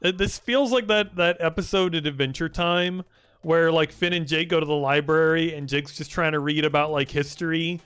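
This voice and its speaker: A man's voice: a little high, fairly even intonation, moderate pace, fairly bright tone, smooth, dry recording, soft background music. A young man streaming live, chatting casually, teasing and swearing as he rambles.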